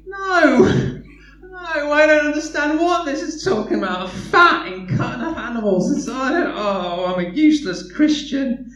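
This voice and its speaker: A man's voice: a little high, a little fast, a bit bright, pitched below the performer's own voice, close to an everyday voice. A man voicing an eager but self-doubting believer who swings between bragging and panic. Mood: panicked. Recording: echoey room, distant mic, faint hum.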